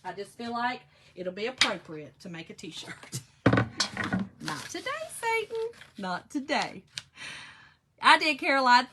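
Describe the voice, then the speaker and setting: A woman's voice: fairly high pitch, noisy background. Chatty woman crafting live, clicks behind. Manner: rambling, laughing, talks to viewers as y'all. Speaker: craft seller hosting a live stream. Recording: clicking noises in the background.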